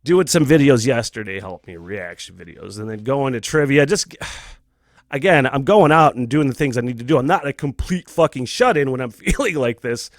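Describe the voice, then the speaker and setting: A man's voice: mid-range voice, animated, moderate pace, no room sound, studio quality. Profane, chatty male podcast host. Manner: profane, rambling, laughs often. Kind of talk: candid casual monologue.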